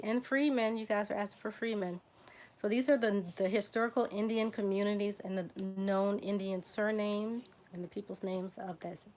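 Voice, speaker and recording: A woman with a Southern US accent hosting a casual livestream, reading out name lists, spelling names letter by letter and chatting with viewers. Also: mid-range voice. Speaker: genealogy livestream host.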